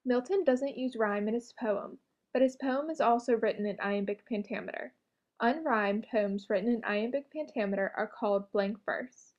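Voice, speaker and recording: A woman reading a prepared script, presenting an educational narration in an even, explanatory way. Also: fairly high pitch.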